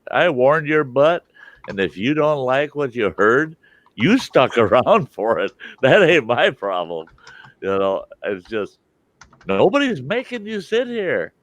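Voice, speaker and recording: A man's voice: medium pitch, big pitch swings, unhurried, a bit bright. An older man hosting a live chat, telling folksy stories with lots of laughs. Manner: folksy storyteller, laughs a lot. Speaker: livestream host. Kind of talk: casual chat.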